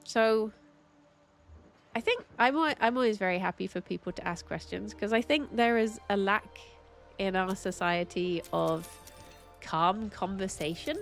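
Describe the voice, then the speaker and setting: A woman's voice: medium pitch, a little slow, soft background music. A young woman chatting casually while streaming a game, full of "like"s and frequent laughs. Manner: chatty, many "like"s, laughs often.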